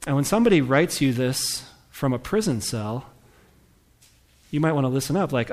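A man's voice: mid-range voice, lively intonation, fairly quick. A man preaching a sermon in a conversational way, asking his congregation questions and reading scripture aloud with rising emphasis. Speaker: pastor.

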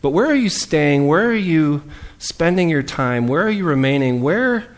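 A man preaching a sermon in a relaxed, conversational way, acting out the lines of the people in his story. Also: fairly high pitch, normal speed. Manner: lively, conversational, acts out quoted lines.

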